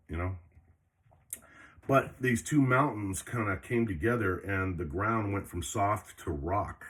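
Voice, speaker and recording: A man's voice: fairly low pitch, unhurried, fairly bright tone. An older retired man telling a rambling, profane story in a casual vlog while folding laundry. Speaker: vlogger.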